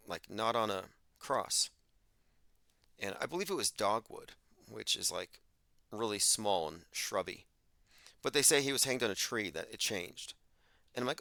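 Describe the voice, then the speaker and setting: A man's voice: fairly low pitch, vocal fry, bright, forceful tone, no room sound. A man hosting a live call-in show, talking bluntly and dismissively in a lecturing way.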